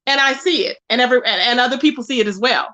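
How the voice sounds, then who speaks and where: A woman hosting her own livestream, venting indignantly with a high, bright voice. She repeats her points and calls people out by name. She sounds tired as she goes on. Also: racing. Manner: indignant, repetitive, calling out by name. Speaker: livestream host. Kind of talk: ranting live stream commentary.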